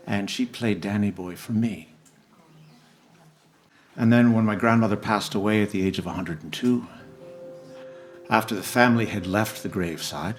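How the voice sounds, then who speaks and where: A low-pitched man speaks to a concert crowd in a gentle, unhurried storytelling manner. His voice sinks softer on the quiet moments of his tale. Faint music sits beneath him in a live concert recording. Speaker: singer telling a story on stage.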